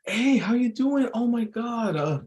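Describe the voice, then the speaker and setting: A man's voice: very high voice, animated, unhurried, a little mellow, voice pushed up. A man voicing a fawning, creepy adult man who greets people with overfamiliar gushing.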